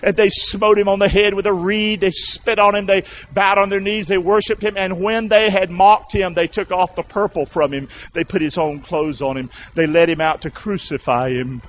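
A male pastor preaching a sermon, calling out to the congregation and rising to shouts. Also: high-pitched, fairly even intonation, moderate pace, hardly any pauses, muffled recording, slight background noise. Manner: loud call-and-response preaching, rising to shouts.

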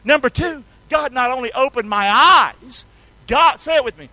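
A male pastor from North Carolina, preaching a sermon with enthusiasm, calling on the congregation to respond and swinging between loud and quiet passages. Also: very high voice, lively intonation, moderate pace, dry recording, low-quality recording.

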